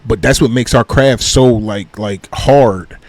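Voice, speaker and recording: A man's voice: medium pitch, measured pace, a little mellow, no echo. A man from Philadelphia, a comedian guest on a podcast, chatting casually and animatedly, swearing and saying "you know what I mean" a lot. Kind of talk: casual chat.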